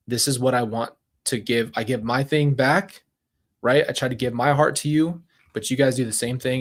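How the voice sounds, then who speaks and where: A man hosting a livestream, speaking to his viewers in casual, heartfelt chat and often repeating himself. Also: mid-range voice. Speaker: livestream host.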